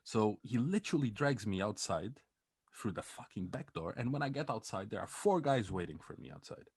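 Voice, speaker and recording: A low-pitched man tells a story with a lively, swinging delivery. His voice is a bit husky and sits close to the mic in a dry room. He swears and laughs freely. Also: fairly quick, no echo. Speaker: podcast co-host. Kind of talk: casual storytelling chat.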